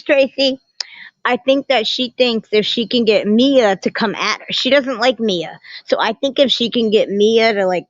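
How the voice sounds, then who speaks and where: A woman's voice: medium pitch, no room sound. Chatty woman on a muffled phone stream. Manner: chatty and animated, greets viewers by name. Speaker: livestream host. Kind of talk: casual livestream chat with viewers. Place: indoors at a family home.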